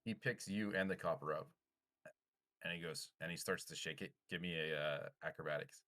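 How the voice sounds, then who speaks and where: A man runs a tabletop game, narrating in a relaxed, chuckling way. His voice is deep yet bright and clear, and he often restarts his sentences. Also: moderate pace. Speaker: game master.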